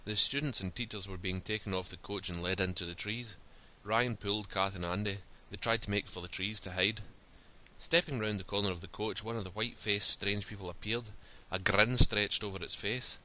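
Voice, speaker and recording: A man reads a story aloud in a steady, plain style. His voice sits fairly low but comes across forceful and sharp-edged. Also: normal speed, slight background noise. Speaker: narrator. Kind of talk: storybook reading.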